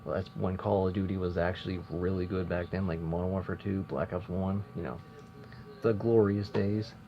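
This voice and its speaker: Telling a tale from a former job, this young man vlogs in a loose, talkative way, cutting into his own sentences. He speaks at a moderate pace in a low, steady voice, captured on dull, lo-fi audio with a little background noise.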